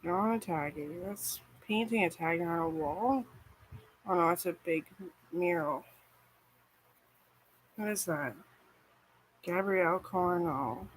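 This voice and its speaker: A woman's voice: on the low side, slow, long pauses, a little hiss or hum, low-quality recording. A woman vlogger chatting casually and rambling, swearing freely and filling her talk with "like". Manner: rambling, profane, frequent "like".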